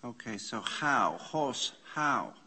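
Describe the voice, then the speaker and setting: A man leading a Bible study class, slowly sounding out Greek words, repeating them and questioning his students. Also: mid-range voice, lively intonation, sharp tone, echoey room. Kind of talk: slow, explanatory Greek lesson. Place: church classroom.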